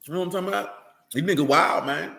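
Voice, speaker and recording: A man's voice: on the high side, fast talker, vocal fry, a bit bright, echoey room, a little hiss or hum. A man giving an informal, streetwise sermon as a religious teacher, blunt and emphatic, full of slang.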